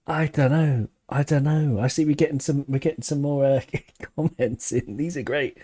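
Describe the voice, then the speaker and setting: Reading viewer comments during a casual live fan stream, this man talks at a moderate pace in a dark voice on the high side. His chat is loose and thoughtful, full of restarts and little chuckles.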